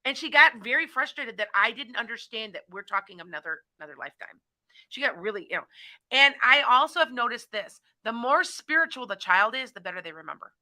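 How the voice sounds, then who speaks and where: A woman's voice: fairly high pitch, sing-song, a little fast, bright, forceful tone. A middle-aged woman hosting a call-in talk show, chatting in a rambling way and often restarting her sentences. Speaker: psychic radio show host. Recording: internet radio show.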